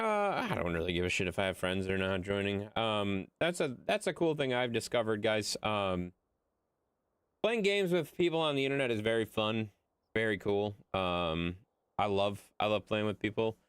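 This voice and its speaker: Lively low-voiced male streamer. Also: moderate pace, clear, resonant tone, dry recording, studio quality. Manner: rambling, profane, chatty. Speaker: game streamer. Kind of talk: casual livestream chat.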